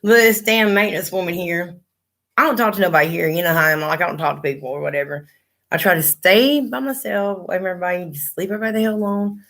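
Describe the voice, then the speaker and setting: A woman's voice: lowish voice, quick pace, creaky, a bit bright. A middle-aged woman, chatting on a livestream and telling blunt, profane stories. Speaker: livestream host. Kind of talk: casual chat.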